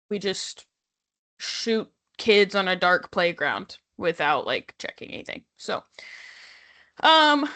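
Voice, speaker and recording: A woman's voice: mid-range voice, pushed and bright, clear, resonant tone. A woman co-hosting a casual podcast, talking in a hesitant way with lots of fillers. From United States. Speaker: podcast co-host.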